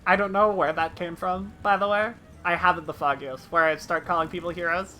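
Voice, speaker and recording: A woman's voice: fairly low pitch, fairly even intonation, a little fast, sharp tone, slight background noise. A woman streaming a game live, chatting casually, thanking viewers and joking.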